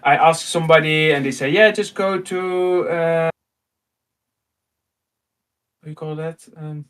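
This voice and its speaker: A man in his thirties with a Dutch accent, telling an animated personal story in casual chat and acting out the dialogue. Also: on the high side, moderate pace, smooth. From Netherlands. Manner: animated, acts out dialogue, laughs often. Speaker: host.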